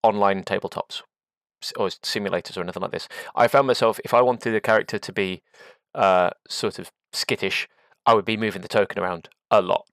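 A man's voice: lowish voice, steady tone, brisk, fairly bright tone, no room sound. A man hosting a casual podcast chat, thoughtful and searching for his words as he poses questions.

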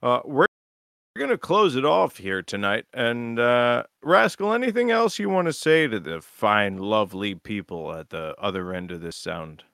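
A man's voice: medium pitch, sing-song, normal speed, creaky, fairly bright tone, clean tone, no echo, clean studio sound. A man co-hosting a podcast in loose, joking, profane casual chat. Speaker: podcast co-host.

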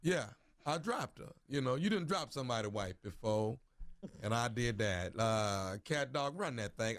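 Radio regular, playful, very lively pitch, slow drawn-out preaching delivery. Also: male voice. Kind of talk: studio banter.

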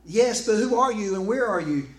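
A man voicing a panicked man stuck on a cliff, shouting and stammering as he pleads for rescue. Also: fairly high pitch, racing, close to an everyday voice. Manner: frantic, stammering pleas. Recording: echoey room with faint background noise.

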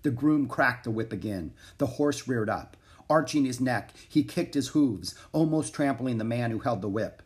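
A man reading a children's chapter book aloud, animated and expressive. His pitch rides up and down with the action, sitting in a middle register. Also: normal speed. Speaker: narrator.

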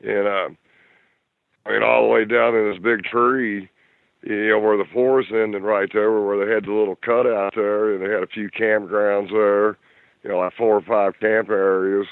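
A middle-aged man from Kentucky with a Kentucky accent, telling a story in a halting way full of fillers and restarts. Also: on the low side, little pitch movement, gravelly, dry recording. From Louisville, Kentucky. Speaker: guest telling encounter story. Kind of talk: casual storytelling. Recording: tinny phone line.

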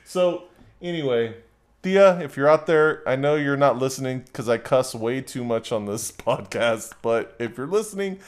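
A man's voice: mid-range voice, expressive, moderate pace. A man hosting a podcast, telling a story in casual chat, swearing freely, laughing often and acting out the people in it. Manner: profane, laughing, acts out voices. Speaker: podcast host.

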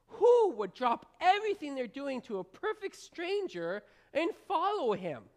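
A woman's voice: high voice, very animated, unhurried, darkish tone. A woman pastor giving an informal, rambling sermon, talking straight to the congregation with fillers and restarts. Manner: folksy, talks straight to the congregation. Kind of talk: conversational sermon.

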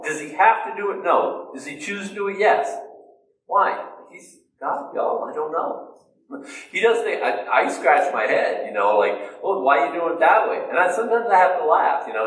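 A man preaching a sermon in a loose, conversational way, asking himself questions and answering them. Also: mid-range voice. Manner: conversational, self-questioning, animated. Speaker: pastor. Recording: echoey room, mic at a distance.

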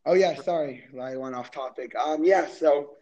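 Mellow-voiced man telling a rambling story. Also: fairly high pitch, moderate pace, lo-fi sound. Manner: rambling, heavy use of "like". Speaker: guest. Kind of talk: casual storytelling.

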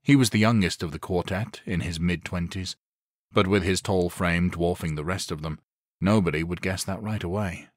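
A man narrating an action thriller audiobook in a steady, deliberate way. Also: low voice, dry recording, clean studio sound. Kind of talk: scripted narration.

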